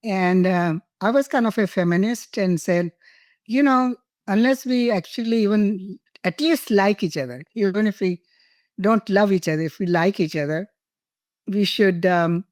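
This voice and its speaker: A woman's voice: medium pitch, moderate pace, no room sound, clean studio sound. An older woman from India, a guest telling personal stories in an interview, laughing and emotional at times. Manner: warm, laughing, emotional storytelling.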